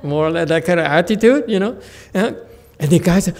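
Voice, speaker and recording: A man giving a Buddhist Dharma talk as a Chan master, telling a story with lively acted-out quotes. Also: sits high, a little fast. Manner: animated storyteller who acts out quoted speech and laughs at his own jokes.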